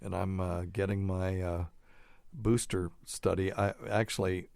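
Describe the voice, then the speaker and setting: A man's voice: deep voice, little pitch movement, measured pace, gravelly, a little mellow, dry recording, studio quality. A male doctor hosting a podcast in a casual chat, thinking aloud as he reads through studies and adds chuckling asides.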